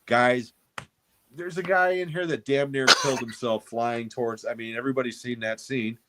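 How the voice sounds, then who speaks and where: A man's voice: medium pitch, steady tone, moderate pace, heavy background noise. A man co-hosting a movie podcast, telling stories with enthusiasm and casual swearing. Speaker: podcast co-host. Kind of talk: casual chat.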